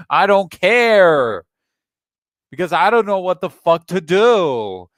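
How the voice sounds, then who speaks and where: High-voiced young man ranting angrily. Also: very animated, a bit bright, no room sound, clean studio sound. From United States. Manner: heated, profane, halting with restarts. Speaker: channel host. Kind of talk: angry solo rant. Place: at home.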